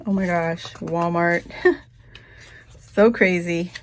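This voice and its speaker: A woman vlogger chatting casually through a shopping haul, rambling and breaking into high, gushing squeals over cute things. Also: unhurried. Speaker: craft vlogger.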